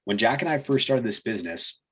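A young man telling a casual story as a podcast guest, relaxed and full of fillers. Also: mid-range voice, a little fast, breathy edge. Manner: relaxed, many fillers, laughs between phrases. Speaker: podcast guest, fitness coaching business owner.

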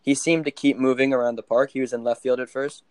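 A man's voice: medium pitch, little pitch movement, fast talker, clear, resonant tone, no echo, poor audio. Laughing young man telling a story. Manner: rambling, laughs while telling, many fillers. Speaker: podcast guest. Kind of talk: casual storytelling.

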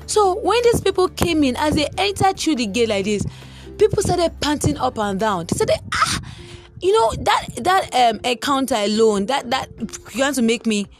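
A lively young woman speaking a bit high, telling a story as a motivational talk and jumping into the voices of the people in it. Soft music plays behind her. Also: moderate pace. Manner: animated, acts out voices of others. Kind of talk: storytelling monologue.

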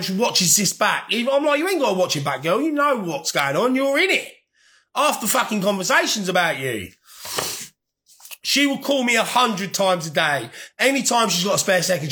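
This young male vlogger rambles casually to his audience, cursing freely and laughing throughout. His voice is high for a man, with a bright and forceful edge.

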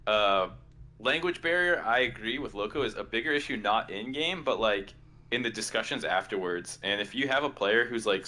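A man's voice: on the low side, bright, forceful tone. A man co-hosting a podcast, talking casually and rambling with many fillers. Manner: rambling, many likes and restarts. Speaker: podcast co-host. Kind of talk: casual chat.

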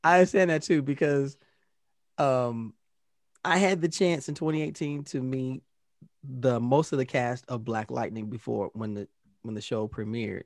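A man co-hosting a podcast, telling animated stories and acting out the exchanges he quotes. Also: mid-range voice, moderate pace, no echo, studio quality. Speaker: podcast co-host. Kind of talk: casual storytelling chat.

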